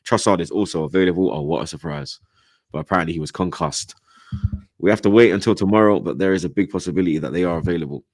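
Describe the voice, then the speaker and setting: A young man with a London accent hosting a football chat show, ranting in heavy slang and swearing as he builds to loud outbursts. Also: deep voice, fast, no echo. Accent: London, multicultural London English slang. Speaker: football podcast host. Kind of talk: heated casual football chat.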